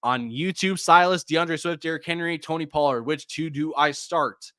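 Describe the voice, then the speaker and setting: A man hosting a live fantasy football Q&A, reading viewer questions and giving quick start-or-sit answers, with frequent sighs. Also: on the high side, a bit bright, no echo, studio quality. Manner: rapid answers, reads viewer names and questions; distracted, sighs often. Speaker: fantasy football podcast host.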